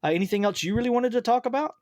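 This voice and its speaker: A man's voice: very high-pitched, very fast, a little mellow, no echo, clean studio sound. A man hosting a film podcast in casual chat, retelling movie scenes with animation and laughing often. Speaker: podcast host.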